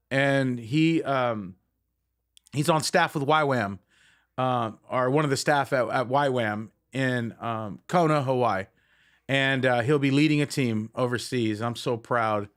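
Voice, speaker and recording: Middle-aged man, band frontman, casual live-stream chat, rambling, warm with viewers, mid-pitched voice. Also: smooth. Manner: rambling and affectionate, many fillers.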